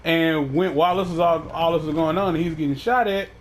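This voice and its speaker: High-voiced man, profane rambling host. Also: a little fast, slight background noise. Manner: profane, rambling, with frequent restarts. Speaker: podcast host. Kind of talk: casual unscripted chat.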